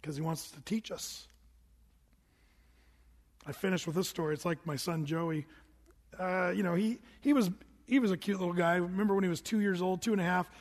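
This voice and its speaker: High-voiced pastor preaching in a reverberant hall. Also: male voice, moderate pace, long pauses. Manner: animated storytelling, rising to shouts at the climax. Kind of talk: sermon. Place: church sanctuary.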